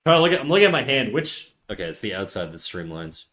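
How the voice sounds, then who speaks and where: A young man streaming live as he draws, chatting casually with his viewers and trailing off quietly while he concentrates. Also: lowish voice, sing-song, fast talker.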